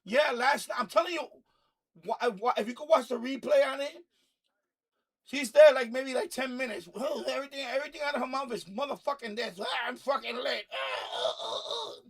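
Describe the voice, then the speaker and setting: A man hosting a live stream rants heatedly in a very high voice, talking a little fast. The casual commentary is full of swearing and phrases he says over and over.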